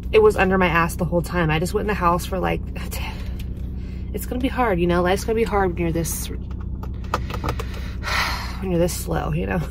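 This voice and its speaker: A woman's voice: lowish voice, moderate pace, creaky, pauses often, noisy background. A woman talking casually to camera in a day-in-my-life vlog, chatty and blunt, swearing freely. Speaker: vlogger.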